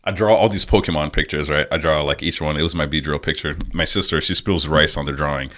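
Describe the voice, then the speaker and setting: A man's voice: rumbling low, quick pace. A young man whose first language is French, telling stories in a casual podcast chat, laughing often and swearing. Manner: laughing storyteller, swearing, animated retelling. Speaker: podcast guest.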